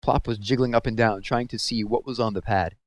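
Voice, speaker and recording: A man reading a children's book aloud with expressive storytelling, close to the mic. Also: mid-range voice, a little fast. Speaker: read-aloud host.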